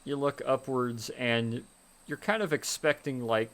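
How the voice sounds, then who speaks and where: A man's voice: medium pitch, steady tone, a little slow, a bit bright. A man narrating as game master of a tabletop game, with loose, rambling descriptions full of fillers.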